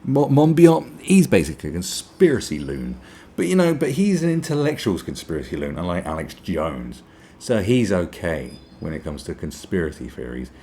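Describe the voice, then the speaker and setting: A man's voice: deep voice, big pitch swings, moderate pace, mellow, slight background noise. A man from Britain hosting a podcast, ranting sarcastically, swearing and mimicking people in mocking voices. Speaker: podcast host. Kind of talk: opinionated podcast monologue.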